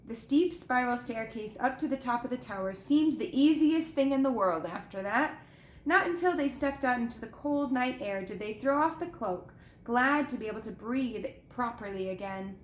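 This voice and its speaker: A woman reading a children's book aloud with gentle, expressive storytelling and showing the pictures. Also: a little high, normal speed. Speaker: reader. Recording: echoey room with faint ambience.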